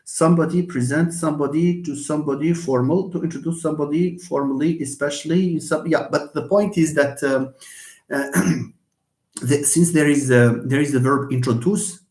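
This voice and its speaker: A man's voice: on the high side, normal speed, a little mellow. A man teaching English in a live online lesson. He explains patiently, repeats examples and answers students by name. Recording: echoey room.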